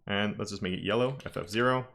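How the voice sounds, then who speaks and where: A man's voice: fairly low pitch, fast, fairly bright tone. A man teaching a live-streamed coding lesson, talking casually and thinking aloud with frequent self-corrections. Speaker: web development instructor.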